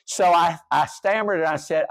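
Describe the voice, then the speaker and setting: A man's voice: on the high side, normal speed, dry recording. An older man preaching a sermon, telling a humorous story in a folksy way. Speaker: pastor.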